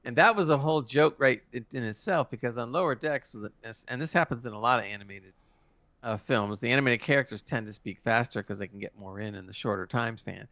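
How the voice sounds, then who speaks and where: Man, podcast co-host, laid-back, easily amused, mid-pitched, dry recording. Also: fast talker, sharp tone, dry recording. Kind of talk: casual review chat.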